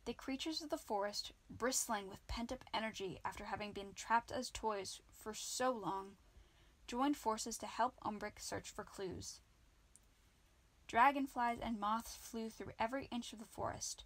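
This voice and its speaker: A woman narrating a children's book in an amateur audiobook, reading lively. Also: a little high, measured pace. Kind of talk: children's book read-aloud.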